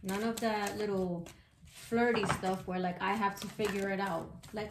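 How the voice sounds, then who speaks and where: A woman's voice: medium pitch, steady tone, moderate pace. Chatty, outspoken woman reading tarot in an echoey room. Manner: chatty, slangy, outspoken, swears freely. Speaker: tarot reader. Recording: echoey room with background noise.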